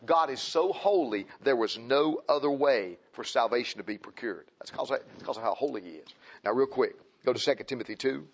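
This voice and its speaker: Man, preacher, impassioned sermon, repetitive, middle pitch, muffled lo-fi sound. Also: expressive, a little fast. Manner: impassioned, repetitive, swings from loud emphasis to quiet pleading. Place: church. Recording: dull lo-fi recording.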